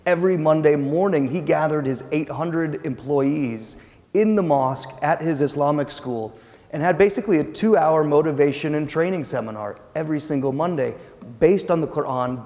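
A man's voice: a little high, dark tone, long reverb tail. A man giving an academic lecture in a conversational, explanatory way with occasional hesitations.

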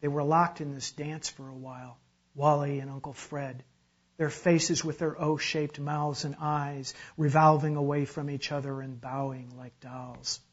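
A man reads a literary story aloud with measured, dramatic narration. His voice sits slightly high for a man, and the recording has a dull, lo-fi quality. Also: level tone, breathy edge. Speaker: reader.

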